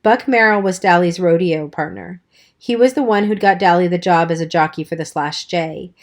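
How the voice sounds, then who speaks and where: Female audiobook narrator, lower voice, even storytelling. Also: moderate pace. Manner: steady storytelling. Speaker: audiobook reader. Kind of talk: scripted narration.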